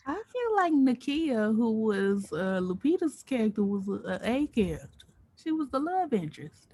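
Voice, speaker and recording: A woman's voice: on the high side, big pitch swings, moderate pace, dark tone. A woman co-hosting a casual chat podcast, playful and gossipy, drawling some words. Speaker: podcast co-host.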